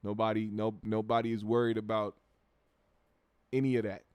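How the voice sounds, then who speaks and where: A man's voice: on the low side, flat delivery, normal speed, a little mellow, smooth, dry recording. Laid-back, profane American man. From United States. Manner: laid-back, profane, repeats words while thinking. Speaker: show host reading viewer comments. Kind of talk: casual livestream chat.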